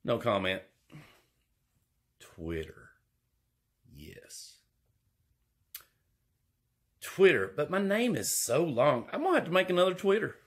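A man's voice: fairly high pitch, big pitch swings, fairly quick, hardly any pauses, husky. A man, rambling and joking his way through an indoor vlog. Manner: rambling, jokey, drawling. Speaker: vlogger.

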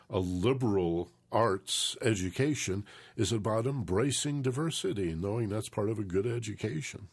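A man's voice: lowish voice, a little mellow, slightly rough. A man co-hosting a mindfulness talk show, speaking in a thoughtful, reflective way and leaning on phrases for emphasis. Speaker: co-host.

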